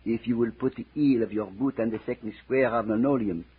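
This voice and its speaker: An actor playing a sinister, stiffly formal waiter-henchman in a 1940s radio drama, with a raspy voice and overly polite, menacing manner. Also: medium pitch, brisk. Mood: coldly polite. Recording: tinny old radio transfer.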